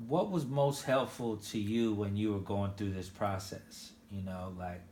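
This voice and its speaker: A man interviewing a father he worked with, asking gentle leading questions with frequent restarts. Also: on the low side, a little slow, roomy sound, a little hiss or hum. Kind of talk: casual interview.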